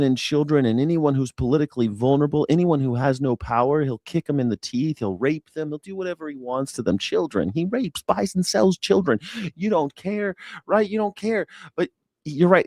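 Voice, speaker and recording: A man's voice: a little high, a little mellow, no room sound. A man hosting a news reaction show, with sarcastic, mocking and profane commentary. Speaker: host.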